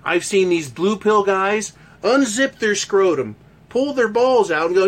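High-voiced man on a crude ranting tear. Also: animated, unhurried. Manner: crude, heated, swearing constantly, mocking others in put-on voices. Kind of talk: profane opinion rant.

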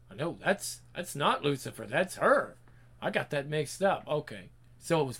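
A man's voice: on the high side, expressive, normal speed, pushed and bright. A man telling a story in a casual chat, breaking off for joking asides and correcting himself.

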